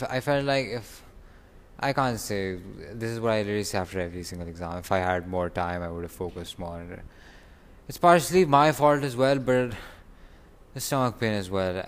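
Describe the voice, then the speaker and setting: A man's voice: on the low side, a little hiss or hum. Young man vlogging through stomach pain. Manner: rambling, frustrated, stopping to groan. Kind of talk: casual vlog. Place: outdoors away from home. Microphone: phone recording app.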